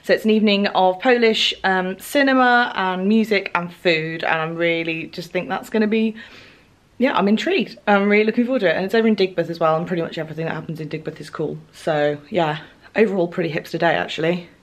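A woman's voice: fairly low pitch, fast. A young woman chatting casually to camera as a vlogger, bubbly and giggly. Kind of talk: casual vlog chat. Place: home, then a shop fitting suite.

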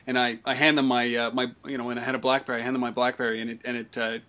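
Guy hosting an interview, mid-pitch voice, hesitant, thinking out loud. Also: level tone, racing. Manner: hesitant and thinking aloud, with many fillers. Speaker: interviewer, host. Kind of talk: casual interview talk.

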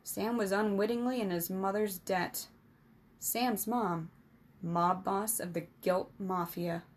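A woman narrating a children's adventure story, lifting her voice higher and louder for the boys' lines. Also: fairly even intonation, slow pace. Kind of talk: scripted narration.

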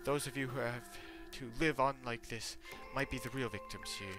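A man doing a mock British accent as an earnest young male headmaster, speaking slowly and pleadingly. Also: medium pitch, steady tone, over music, voice pushed up, close to an everyday voice. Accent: attempted British.

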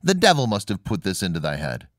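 A man's voice: low voice, huge pitch swings, quick pace, no echo, studio quality. A man voicing a weary, exasperated old father who scolds in old-fashioned speech, in a storybook reading. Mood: scolding.

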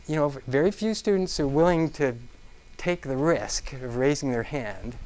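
A man's voice: on the high side, moderate pace. A man presenting a business seminar to a live audience in a room, talking interactively and checking in with the listeners again and again. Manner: interactive, checks in with frequent "okay?"; animated, acts out exclamations.

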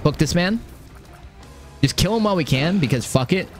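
Excitable, swearing young man streaming a game. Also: fairly high pitch, moderate pace, gravelly, faint music behind. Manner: excitable, swears a lot, repeats phrases. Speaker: gaming streamer. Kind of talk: live gameplay commentary.

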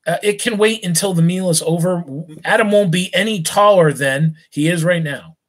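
A fussing old grandmother, soothing and a little hesitant, urging food to keep the peace, read aloud by a man in a somewhat high voice. It stays close to a reader's plain tone. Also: moderate pace.

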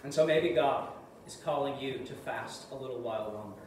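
A man preaching a sermon in earnest, rising to loud emphasis and dropping to hushed asides. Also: medium pitch, brisk. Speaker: pastor. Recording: echoey room, mic at a distance, faint noise.

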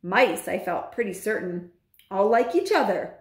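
A woman, a teacher, reading a children's novel aloud in an expressive storybook manner. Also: medium pitch, a little slow. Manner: expressive, with lively intonation. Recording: roomy echo.

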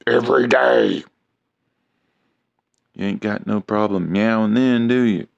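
A deep-voiced man with a rough, gravelly texture keeps pestering his cat in a slow, drawn-out way. The sound is dull and lo-fi but close and dry. His tone stays teasing and nagging throughout. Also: fairly even intonation, darkish tone, no echo. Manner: teasing, nagging, repeats himself. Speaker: pet owner filming his cat. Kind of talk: casual teasing vlog.

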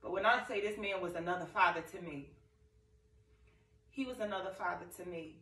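A woman's voice: lowish voice, a little fast, fairly bright tone. A young woman vlogging to camera, telling an emotional, rambling story in casual talk. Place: living room. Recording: echoey room, far from mic.

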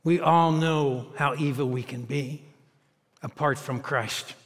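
A man's voice: fairly high pitch, slow, big-room sound. A man in his sixties preaching a sermon as a teaching pastor, with self-mocking storytelling that turns earnest, in an American accent. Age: 60s. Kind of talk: humorous sermon. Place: large church auditorium.

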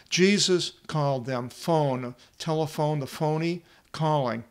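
Male Bible teacher and translator, fairly high voice, reads Greek then explains with plenty of "uh"s. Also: a little slow, few pauses, clear, resonant tone. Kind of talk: Bible study lesson.

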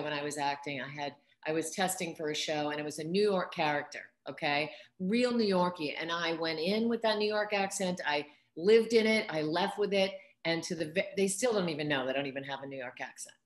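Low-voiced woman hosting, roomy sound. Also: a little fast, few pauses. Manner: chatty, asks questions, laughs easily. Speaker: interview host and acting coach. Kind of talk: casual interview talk.

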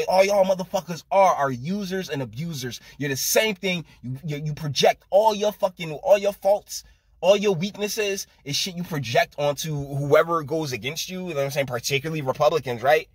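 A man's voice: a little high, husky, dry recording. A man hosting his own channel, ranting in political commentary with profane, scornful heat.

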